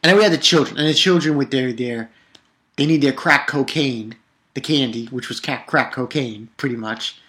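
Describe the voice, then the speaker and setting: A man's voice: mid-range voice, normal speed, fairly bright tone. A young man casually recapping a cartoon episode, rambling and swearing, with lots of fillers and restarts. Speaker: anime episode reviewer.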